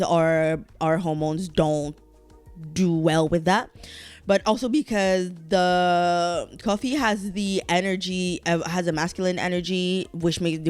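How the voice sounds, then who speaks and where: Woman, podcast host, lowish voice, casual rambling chat, swears freely, restarts sentences, faint music behind. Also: darkish tone.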